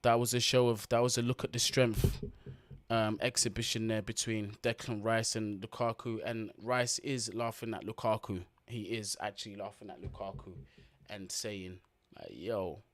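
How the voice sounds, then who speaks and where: Speaking at normal speed in a fairly low, level voice, a man hosts a football watch-along. His live commentary is blunt and slangy, full of swearing and aimed straight at his audience.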